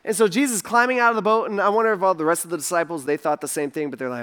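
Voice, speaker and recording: A man's voice: fairly high pitch, racing, hardly any pauses, fairly bright tone. A man giving a casual sermon as a pastor, talking loosely with lots of "like" and acting out voices in his quotes. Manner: conversational, full of "like", voicing characters in quotes.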